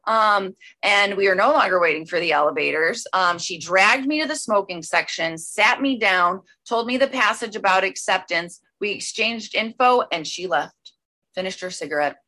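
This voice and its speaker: Bright-voiced woman, rambling and excited. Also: mid-range voice, moderate pace. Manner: rambling, filler-heavy, with bursts of excited speed. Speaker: speaker sharing a recovery story. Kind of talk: personal testimony at an online recovery meeting.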